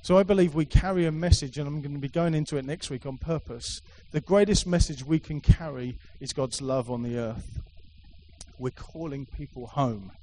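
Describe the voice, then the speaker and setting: A man's voice: medium pitch, warm tone, a little hiss or hum, poor audio. A middle-aged man preaching a sermon to a congregation, emphatic and repetitive, with playful asides. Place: church hall with a live congregation.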